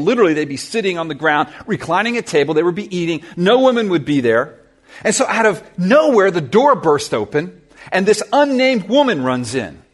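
A man preaching a sermon to his church, telling a Bible story with lively questions to the congregation. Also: high voice, breathy edge. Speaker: pastor.

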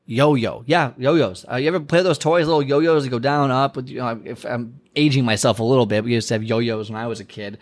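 A man's voice: mid-range voice, fairly even intonation, fairly quick, few pauses. A young adult man hosts his own motivational podcast, talking to listeners in a casual, conversational way. His voice sits in an ordinary middle register. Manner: casual, conversational, acts out little dialogues. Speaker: podcast host. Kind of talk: solo motivational podcast talk.

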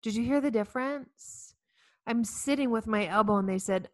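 A woman, giving a heartfelt inspirational talk to women, telling stories with earnest warmth and self-mocking humor. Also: fairly high pitch, normal speed, dry recording. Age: 40s. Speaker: speaker addressing women facing infertility.

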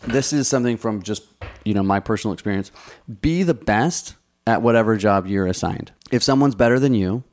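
A man's voice: on the low side, darkish tone, clear, resonant tone. A man who runs a restaurant, giving career advice in a casual, conversational way full of restarts and fillers. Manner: conversational, many restarts and "you know" fillers. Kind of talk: casual advice talk, answering viewer questions.

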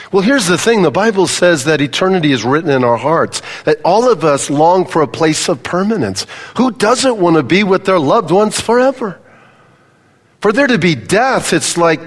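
An older man preaching a sermon to a congregation, conversational and full of questions to the audience. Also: on the high side. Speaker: pastor. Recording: long reverb of a large hall.

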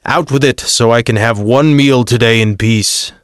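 A man's voice: medium pitch, moderate pace, no echo, clean studio sound, natural voice. A man voicing an impatient, sarcastic Roman governor who barks his words. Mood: irritated. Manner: sarcastic, commanding.

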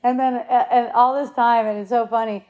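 A woman's voice: a little high, little pitch movement, fairly quick, phone-quality sound. A woman in her late forties telling a personal story in casual conversation, candid, laughing often and swearing freely. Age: 40s. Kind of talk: casual chat.

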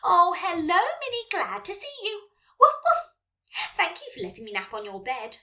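A woman reading as a playful two-year-old family dog, chatting like a diary with excited barks. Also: extremely high pitch, normal speed, recorded from a distance, full character voice.

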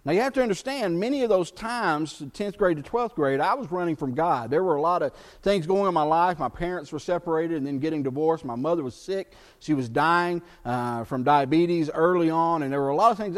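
Middle-aged pastor guy, fairly high voice, earnest sermon storytelling, goes quiet on the scripture bits. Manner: earnest storytelling with pauses, dropping to a hush on scripture.

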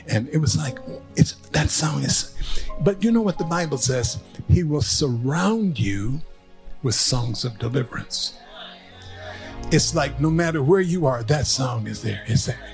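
An older man preaching a sermon, telling stories and swinging from hushed asides to rising, emphatic lines. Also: medium pitch. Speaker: pastor.

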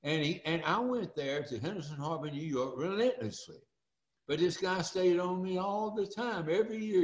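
An older man, telling stories in a folksy, animated way as an interview guest. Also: high voice, normal speed, echoey room, highs cut off. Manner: folksy and animated, acts out quoted voices. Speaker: interview guest, former speaker and coach. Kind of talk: storytelling interview.

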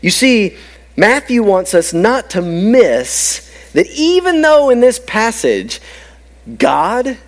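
Male pastor, sermon, high animated delivery, emphatic with hushed drops. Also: slow. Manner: emphatic, swinging from loud to hushed.

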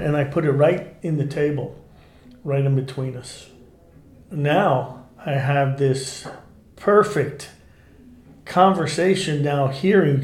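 A man's voice: a little high, reverberant. A man who was an undercover cop, telling his stories in a casual, profane way and acting out what people said. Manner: animated, profane, acts out quotes. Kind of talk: casual storytelling interview.

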